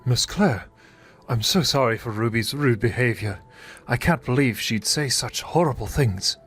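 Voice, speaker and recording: A man's synthetic voice reading a text-message story, playing a young groom who speaks softly and apologetically. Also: mid-range voice, moderate pace, slightly rough. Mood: apologetic.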